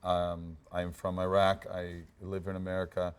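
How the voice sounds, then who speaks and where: A man's voice: deep voice, moderate pace, clear, resonant tone. A middle-aged man, an actor, telling anecdotes casually in an interview, often restarting and repeating words. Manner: relaxed anecdotes, frequent repeats and stammered restarts. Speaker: actor guest.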